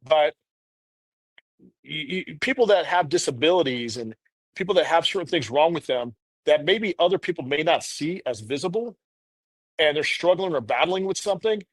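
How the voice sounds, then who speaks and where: A man's voice: on the high side, lively intonation, normal speed, dry recording. A man in his thirties, a podcast guest, telling a candid personal story in an earnest, rambling way full of "you know".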